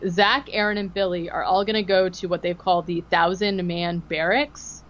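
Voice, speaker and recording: A woman podcast co-host chats casually as she recaps an episode, mid-pitched, slipping into acted-out quotes and peppering her talk with "like" and "um". The recording sounds a little dull and lo-fi. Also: normal speed, few pauses. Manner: animated storytelling, acting out quotes, many fillers like "like" and "um".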